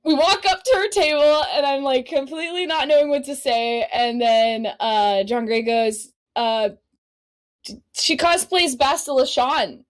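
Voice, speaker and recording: A woman guest on a podcast telling stories in a casual, animated way, laughing often and swearing freely. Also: sits high, normal speed, few pauses, smooth. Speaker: podcast guest, cosplay model. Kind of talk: casual storytelling chat.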